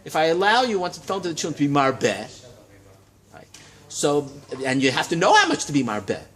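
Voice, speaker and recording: A man teaching a Talmud class in a study hall, lecturing in a lively way and checking in with his students. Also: a little high, brisk. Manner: animated, lively teaching with frequent check-ins and rising emphasis.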